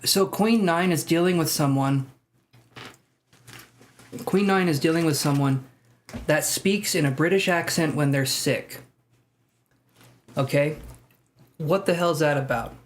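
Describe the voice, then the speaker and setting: A man's voice: a little high, slight background noise. A man hosting a live tarot stream, chatting casually and joking as he reads out viewer comments. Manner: chatty, jokey, laughs often. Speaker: tarot livestream host. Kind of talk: casual livestream chat, reading viewer comments.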